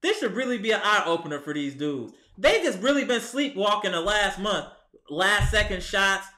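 A man's voice: high-pitched, big pitch swings, moderate pace, bright, forceful tone, echoey room. A man, giving a heated, exasperated fan rant about his team's loss, talking straight to the players. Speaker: sports vlogger. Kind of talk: ranting fan commentary. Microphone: camera mic.

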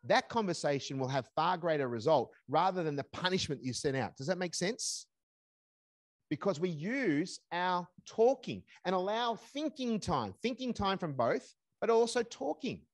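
Older man, lively teaching voice. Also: high-pitched, moderate pace, no echo, studio quality. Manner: conversational, acts out calm parent dialogue. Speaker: seminar speaker. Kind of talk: parenting seminar talk.

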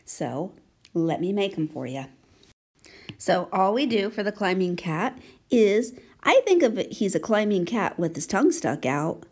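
A woman teaching young children to write letters, speaking gently and encouragingly and often asking if they can see. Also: lowish voice, lively intonation, slightly rough. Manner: gentle, slow and encouraging, asking many check questions. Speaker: handwriting teacher. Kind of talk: children's handwriting lesson.

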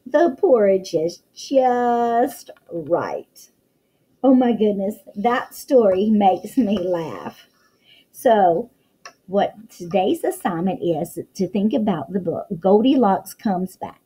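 A woman's voice: medium pitch, slow pace, warm tone, husky, rough recording. A woman teacher reading a picture book aloud to young children, full of exclamations and questions to the listener.

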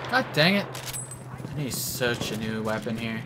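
A man giving live commentary while playing a shooter game, excitable, yelling at enemies and trading mild minced oaths. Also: medium pitch, normal speed. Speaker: gameplay commentator. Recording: game noise clearly behind voice.

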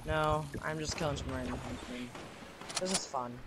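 A man's voice: medium pitch, moderate pace, fairly bright tone. A man bantering with his cousin while gaming, in a dry, teasing, sarcastic way. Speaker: gamer playing with his cousin. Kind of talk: casual gameplay banter. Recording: game music underneath. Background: game music.

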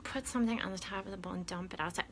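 A woman's voice: medium pitch, rapid-fire, crowd noise. A frightened woman in her home kitchen, talking to viewers in a panicky, exclaiming way. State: frightened, shaky. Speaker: vlogger. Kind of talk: casual live video.

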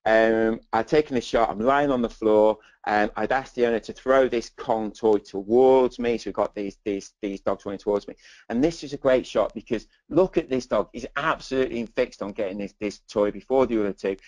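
A man's voice: lowish voice, normal speed, a little mellow, no echo, dull audio. A man teaching dog photography in a webinar, chatty and enthusiastic, with many asides like "okay". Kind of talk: presenting slides in a webinar.

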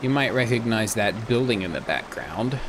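Male game streamer, rambling and chatty, lively pitch, noisy home recording. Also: moderate pace. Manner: rambling and chatty, with sudden squeaky joke voices. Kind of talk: casual gameplay commentary.

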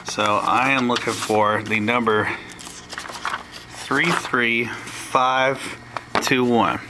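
Slow-talking man explaining step by step. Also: mid-range voice, steady tone, background noise. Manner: slow, plain explaining with asides. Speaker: teacher. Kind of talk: step-by-step tutorial.

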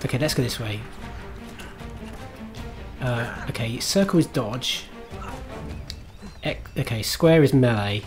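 A man's voice: mid-range voice, slow, long pauses, music in the background. A man streaming himself playing a game, chatting to viewers in a self-mocking way, swearing and laughing at his own mistakes. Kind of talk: live gameplay commentary.

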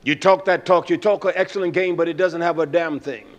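A man preaching a sermon in a fiery, scolding style that drops to a quiet, storytelling voice. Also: on the high side, steady tone, fairly quick.

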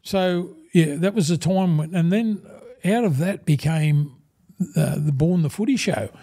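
Older Australian man, dark mellow tone, fairly high voice, animated storyteller, acts out dialogue, casual interview. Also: a little slow. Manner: animated yarn-spinner, acts out quoted dialogue, says "mate" constantly. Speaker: guest, former rugby league player and broadcaster.

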